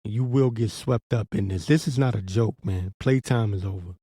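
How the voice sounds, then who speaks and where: Low gravelly dude ranting warnings on his channel, cussing a lot, dry close sound. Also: normal speed, dark tone, dry recording. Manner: blunt, profane, urgent warning tone. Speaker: religious commentator. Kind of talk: preaching commentary vlog.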